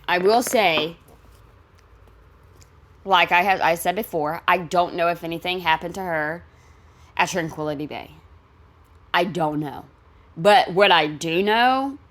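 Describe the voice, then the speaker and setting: A woman's voice: on the low side, fairly bright tone. A woman hosting a reaction video, ranting bluntly and with heavy profanity about a clip from a reality show.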